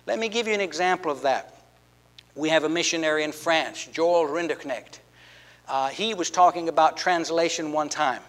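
A man with a high voice preaches a sermon in a church. He teaches earnestly, often repeating words and asking questions of his listeners. The sound carries a long hall echo. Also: moderate pace, a bit bright. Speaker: pastor.

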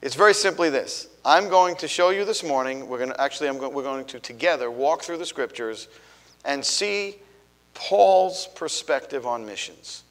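A man's voice: mid-range voice, expressive, normal speed, big-room sound, rough recording. A man with a New York accent preaching a sermon as a guest speaker in a church, talking conversationally with frequent fillers and self-corrections. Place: church sanctuary.

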